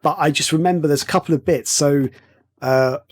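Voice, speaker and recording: A man's voice: fairly high pitch, brisk, dry recording, clean studio sound. A man in casual podcast chat, telling a story with many fillers and restarts. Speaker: podcast co-host.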